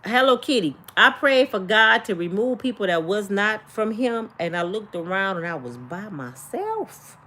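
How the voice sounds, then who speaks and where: An older woman, hosting a casual livestream and talking to her viewers with animated, preachy energy. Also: medium pitch, moderate pace, few pauses. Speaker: livestream host.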